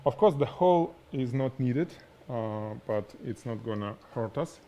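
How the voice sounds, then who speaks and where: A man with a strong Russian accent whose first language is Russian, teaching product photography on a live stream in an animated, demonstrating way. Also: medium pitch, measured pace, highs cut off. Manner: animated, explains by demonstrating, laughs at himself. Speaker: photography instructor.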